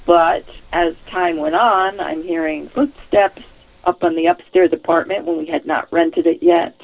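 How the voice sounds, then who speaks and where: A woman's voice: fairly low pitch, measured pace. A woman caller telling a personal ghost story in a chatty way, laughing often as she goes. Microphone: telephone. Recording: tinny phone line.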